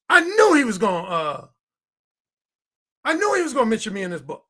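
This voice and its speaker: A man's voice: high-pitched, sing-song, a little fast, bright, forceful tone. A man in his fifties, a dating coach, ranting in an emphatic and profane way. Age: 50s. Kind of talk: heated monologue.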